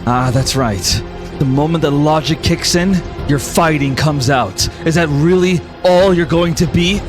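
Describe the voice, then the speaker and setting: A man voicing a blood-stained young fighter who confronts a woman in a steady, monotone voice. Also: high-pitched, slow pace, over music. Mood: earnest. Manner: pleading then firm, monotone.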